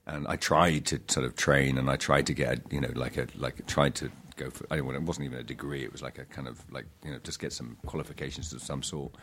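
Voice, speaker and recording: A man, an actor guest, chatting in an interview with a halting, self-deprecating manner, full of restarts and laughs. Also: very deep voice, steady tone, fairly bright tone, a little hiss or hum. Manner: laughs between thoughts. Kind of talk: casual interview chat.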